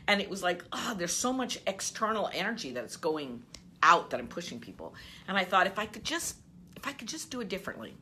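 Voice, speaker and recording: Lively, bright-voiced woman coach. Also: lowish voice, a little hiss or hum. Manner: animated storyteller, laughs often. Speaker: business coach. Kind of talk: motivational talk to camera.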